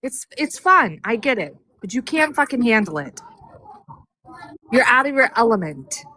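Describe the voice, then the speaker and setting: Higher-voiced florida woman on a stream call, mocks and curses while she argues. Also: big pitch swings, moderate pace, bright, forceful tone. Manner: combative, cursing, mocking. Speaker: debate panelist. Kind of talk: heated live-stream debate.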